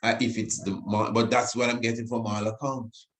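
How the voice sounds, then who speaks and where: A man teaching the Bible on the radio, emotional, repeating phrases and reading scripture slowly with emphasis. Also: on the low side, flat delivery, a bit bright.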